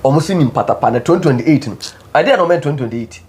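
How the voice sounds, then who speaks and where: A man's voice: a little high, expressive, fast talker, darkish tone. A man with a Ghanaian English accent, leading a political talk show discussion and pressing his guest with questions, switching between English and Twi.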